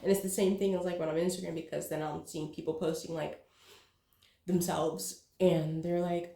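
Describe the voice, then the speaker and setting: Woman vlogger, candid and profane, soft mellow voice, echoey room sound. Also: fairly low pitch, moderate pace, creaky. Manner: frank, swears freely, filler-heavy. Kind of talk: candid casual vlog.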